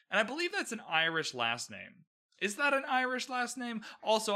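A man hosting a recap podcast alone, talking in a chatty, animated way, often laughing at himself. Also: fairly high pitch. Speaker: podcast host.

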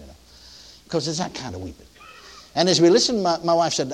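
A man's voice: on the high side, sing-song, fairly quick, long pauses, breathy edge. An older man preaching a sermon, telling a story in a folksy way, with many restarts and emphatic peaks.

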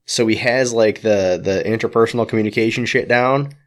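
A man's voice: fairly low pitch, a little fast. A man co-hosting a casual podcast chat over whiskey, teasing dryly and swearing. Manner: dry, teasing, profane. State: drinking whiskey. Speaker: podcast co-host.

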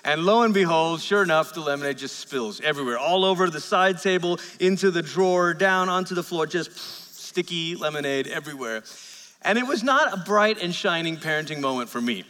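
A male pastor with a high, bright voice tells stories in his sermon in a chatty, self-deprecating way. His words ring out in a church hall with a long reverb. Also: lively intonation, fairly quick. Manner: conversational storytelling with self-deprecating asides. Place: church sanctuary.

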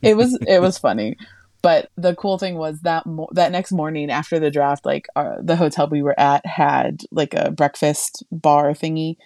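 A young woman on a podcast tells a story in a chatty, animated way, and she leans on "like" constantly. Her voice sits low and mellow. It is recorded dry and close. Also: normal speed, creaky, dry recording. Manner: chatty, animated, heavy use of "like". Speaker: podcast co-host. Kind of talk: casual storytelling chat.

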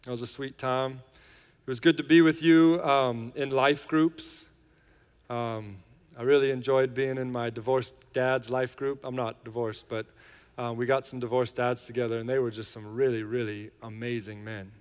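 Male pastor, chatty and playful, smooth voice, long hall reverb. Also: mid-range voice, fairly even intonation, normal speed. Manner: joking, chatty, many fillers. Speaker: lead pastor. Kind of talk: casual sermon intro and worship lead. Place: large church hall.

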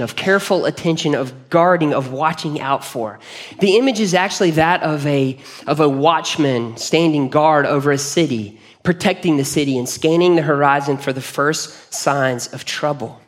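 Speaking at a normal pace in a higher-pitched voice, a pastor delivers a sermon in a church hall. His manner is earnest and conversational, and he frequently begins his phrases over again.

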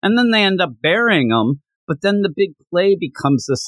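A man from Pennsylvania, co-hosting a casual podcast about manga. He acts out characters' lines in quick put-on voices. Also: high-pitched, sing-song, fairly bright tone, no echo. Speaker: podcast co-host.

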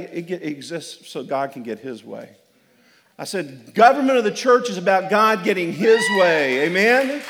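A male pastor preaches in a church sanctuary with a high, emphatic voice. He jokes, repeats himself and calls out for amens. His voice rings with the long reverb of a large hall. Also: fairly bright tone. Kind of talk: sermon.

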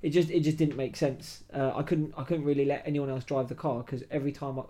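A man hosting a podcast, telling a story in a lively, slangy, laughing way. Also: mid-range voice, fast talker. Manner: animated, slangy, laughs while telling stories. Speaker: podcast host. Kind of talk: casual storytelling chat.

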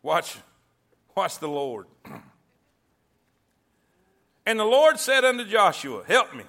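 A middle-aged man preaching a sermon in a folksy call-and-response way, with loud bursts when he quotes God. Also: high-pitched, sing-song, takes it slowly. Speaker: pastor. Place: church sanctuary.

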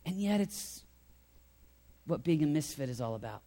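A man preaching a sermon as pastor, talking in an animated way and swinging from loud emphasis to quiet intensity. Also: sits high, moderate pace, pauses often. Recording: long hall reverb.

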